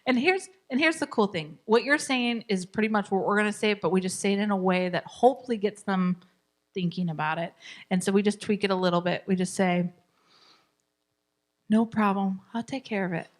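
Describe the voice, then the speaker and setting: A woman's voice: mid-range voice, brisk. A woman teaches a parenting class in a classroom. She talks with her students and encourages them. She acts out the lines of parents and children as she explains.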